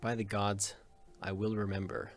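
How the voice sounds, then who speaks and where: A man's voice: fairly low pitch, little pitch movement, moderate pace, faint music behind. A man hosting a gaming video in casual let's play commentary, joking and rambling, often cutting himself off with a chuckle.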